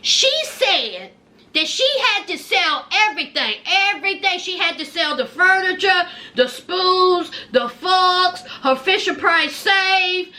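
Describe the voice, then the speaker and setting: A woman with a very high-pitched voice speaks slowly, giving sassy, animated, casual commentary on a reality show sprinkled with folksy asides.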